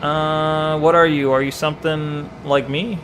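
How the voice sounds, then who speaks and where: A man's voice: fairly high pitch, level tone, a little slow, a bit bright, a little hiss or hum. A young man streaming a game, playfully commenting and chatting with his viewers. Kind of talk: live gameplay commentary.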